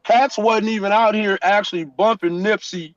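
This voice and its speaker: A man talks in a fairly high voice, emphatic and story-driven, and keeps checking in with the listener. The sound is dull and lo-fi, like a call line, and very dry. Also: fairly even intonation, normal speed, dry recording. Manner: emphatic street storytelling, repeats "you know what I'm saying". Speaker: guest. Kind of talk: casual chat.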